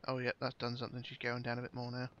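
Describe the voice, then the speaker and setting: A man's voice: medium pitch, completely flat delivery, very fast, pushed and bright, highs cut off, a little hiss or hum. A man giving casual, chatty commentary while playing a game, swearing now and then and thinking aloud. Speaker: gameplay commentator.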